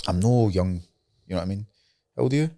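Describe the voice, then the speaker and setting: A man's voice: low voice, warm tone, no echo. Scottish guy late 30s talking a mile a minute, swears a lot, dry close sound. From Scotland. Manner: rapid, swears freely, lots of "you know what I mean". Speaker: MMA fighter guest. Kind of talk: casual podcast chat.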